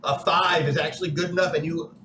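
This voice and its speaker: A man's voice: fairly high pitch, steady tone, brisk, sharp tone, roomy sound, slight background noise, rough recording. A man narrating a tabletop game as game master in a playful, rambling way.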